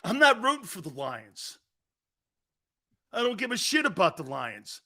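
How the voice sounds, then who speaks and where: A man's voice: sits high, sing-song, a little slow, pushed and bright. A man hosting a sports talk show, ranting bluntly and combatively, mocking other people's views with imitations. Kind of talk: opinionated sports radio rant.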